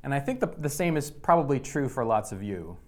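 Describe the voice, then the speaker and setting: A man delivering a sermon in a plain, mid-pitched voice. He talks conversationally, repeating words and restarting sentences as he goes. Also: big pitch swings, fairly quick. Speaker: pastor.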